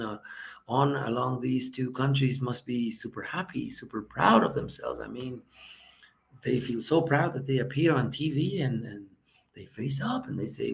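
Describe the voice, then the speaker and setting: A man doing an ironic stand-up monologue, heaping sarcastic, mock-gushing praise, halting with many restarts and dipping into whispers. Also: medium pitch, vocal fry. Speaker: comedian.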